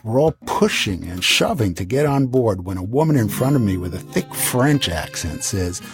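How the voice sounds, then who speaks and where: A man's voice: on the low side, sing-song, moderate pace, hardly any pauses, faint music behind. A man in his seventies telling a travel story from his past, with wry, dry asides. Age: 70s. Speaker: podcast host.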